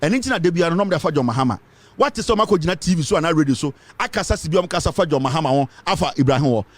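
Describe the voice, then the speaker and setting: Fiery Ghanaian man, high lively voice. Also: racing, dry recording. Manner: fiery, emphatic, repeats points, mixes English with Twi. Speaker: political commentator. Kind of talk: impassioned political commentary.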